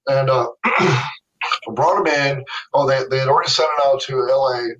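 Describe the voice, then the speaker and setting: A middle-aged man telling stories as a guest in a casual interview, animated, laughing often and acting out what others said. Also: mid-range voice, normal speed, dull audio. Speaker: guest artist. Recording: distant from the mic.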